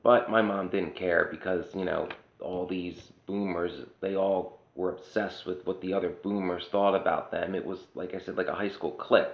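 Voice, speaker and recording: A man's voice: deep voice, steady tone, moderate pace, vocal fry. A man from Pennsylvania talking in a casual, sarcastic rant, blunt and swearing freely. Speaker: vlogger. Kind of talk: casual ranting monologue. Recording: roomy, dull lo-fi sound.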